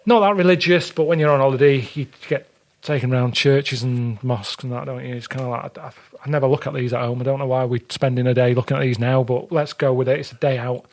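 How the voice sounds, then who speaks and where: A man's voice: medium pitch, steady tone, fast talker. A man telling a story in a blunt, grumbling way, acting out the people in it, in casual chat. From England. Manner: blunt, grumbling storyteller, acts out quoted exchanges. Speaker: podcast guest.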